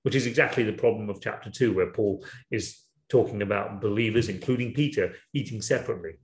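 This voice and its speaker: A man giving a sermon in a measured, thoughtful way, asking rhetorical questions. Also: lowish voice. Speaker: preacher. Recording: echoey room.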